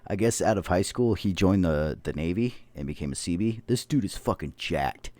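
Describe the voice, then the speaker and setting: Man, 30s, podcast host, deep voice, dry sound, casual rambling storyteller with heavy swearing. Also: lively intonation, moderate pace, dark tone, no echo. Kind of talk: casual chat.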